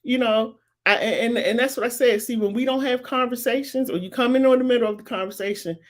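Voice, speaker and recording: A woman's voice: a little high, fairly quick. A woman, hosting a live commentary show and making her points with emphatic, repetitive insistence. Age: 50s. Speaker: talk show host. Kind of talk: live-streamed commentary answering viewers.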